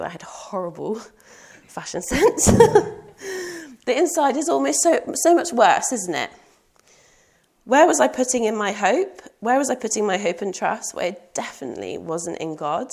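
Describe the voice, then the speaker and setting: A woman's voice: mid-range voice, lively intonation, moderate pace, creaky. A young woman preaching a sermon in an earnest, personal way, asking rhetorical questions.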